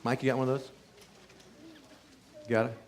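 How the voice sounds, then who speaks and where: A man's voice: medium pitch, little pitch movement, normal speed, slight background noise. A man, a chiropractor, earnestly telling a patient's healing story to a live audience and acting out what people said. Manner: earnest testimonial storytelling, acts out quoted speech.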